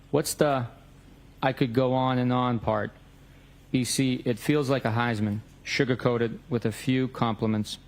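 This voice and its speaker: A man in a courtroom reading out both sides of a text message exchange, stating the date and time of each message. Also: medium pitch.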